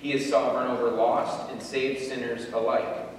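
A man's voice: medium pitch, level tone, moderate pace, far from the mic. Man preaching in an echoey hall. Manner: thinking aloud, repeats words, rhetorical questions. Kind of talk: informal sermon. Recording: very echoey hall, voice from afar, faint noise.

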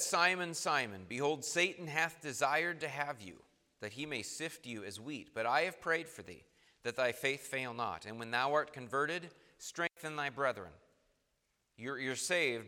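A man's voice: medium pitch, lively intonation, normal speed, bright, forceful tone. A man preaching a sermon, reading scripture aloud in old formal wording and stressing points with rising and falling emphasis. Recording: long hall reverb.

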